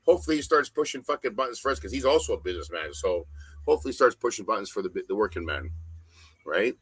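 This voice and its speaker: A middle-aged man talking as a podcast guest, ranting bluntly with heavy profanity and loud emphasis. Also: fairly low pitch, lively intonation, fast talker, slightly rough, no room sound, rough recording. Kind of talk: casual podcast conversation.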